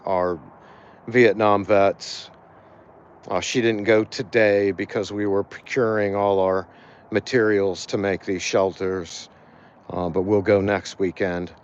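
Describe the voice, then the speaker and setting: A tired man talks casually as an animal rescue volunteer in a livestream walkthrough, halting often and filling pauses with fillers and restarts. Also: on the low side, lo-fi sound, a little hiss or hum. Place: outdoors by a cat shelter.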